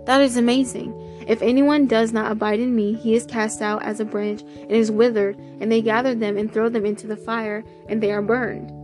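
A woman hosting a casual devotional podcast, reading scripture aloud in an excitable, effusive way and sprinkling in hallelujahs. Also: fairly high pitch.

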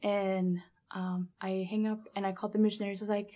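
A young adult woman recounting a personal story in a casual interview, animated, with lots of fillers and quoted dialogue. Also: medium pitch, fairly quick. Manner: animated, laughs often, many fillers like 'um' and 'like'; acts out quoted dialogue in her own voice. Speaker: guest telling her story.

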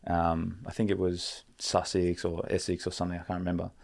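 Speaking fairly quickly in a completely flat delivery, a young podcast guest with a low, gravelly, slightly mellow voice spins a lengthy story. His laid-back rambling is packed with fillers and the odd curse.

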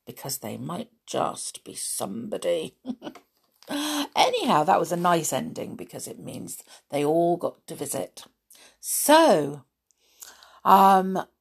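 Woman storyteller, unhurried, lively and chatty. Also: fairly low pitch, creaky, slightly rough. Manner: gentle, chatty, with soft laughs. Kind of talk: reading a storybook aloud.

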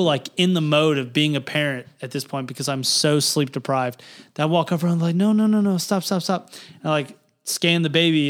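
A young man, co-hosting a podcast and telling a story in casual, swearing chat. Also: smooth. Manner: animated, swearing, jumps to high pitch for quoted voices. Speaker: podcast co-host.

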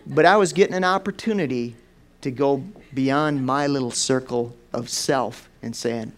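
A man preaching a sermon in a rambling, storytelling way, repeating and restarting words and then rising in pitch and volume for emphasis. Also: measured pace. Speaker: pastor.

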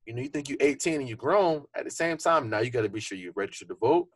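With a mid-range voice, quick pace, and lively intonation, this young podcast co-host chats casually, dropping plenty of fillers while sounding earnest and thoughtful. There's no echo.

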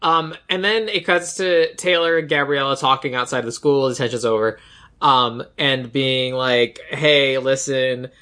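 A woman co-hosting a podcast, chatting casually through a movie recap and acting out quoted lines in animated bursts. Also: a bass voice, normal speed. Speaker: podcast co-host.

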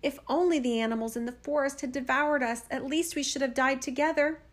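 A woman's voice: high voice, steady tone, brisk, pitched above the performer's own voice, natural voice. A woman reading a fairy tale aloud, voicing a clever young girl in a raised, pleading voice. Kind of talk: storybook reading.

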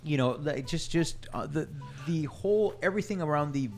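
A man co-hosting a casual podcast chat, excited and swearing often, laughing as he retells scenes. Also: a little high, brisk. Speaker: podcast co-host.

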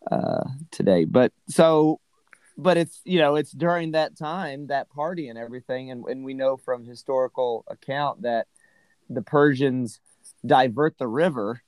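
A man's voice: medium pitch, unhurried, a little mellow, no echo, poor audio. A man casually discussing a Bible passage as a podcast co-host, rambling with many "right?" and "you know" asides.

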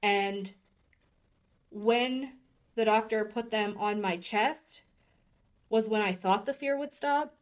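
A woman's voice: medium pitch, slow pace, long pauses. A woman in her thirties, a podcast guest, candidly telling a personal story with open emotion. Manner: earnest and openly emotional, speaking candidly.

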